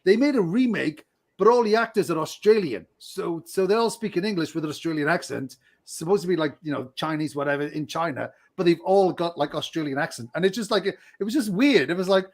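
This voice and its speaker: High-voiced laughing male podcaster. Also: expressive, fairly quick. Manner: laughing, rambling, jokey asides. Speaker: podcast co-host. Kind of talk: casual chat.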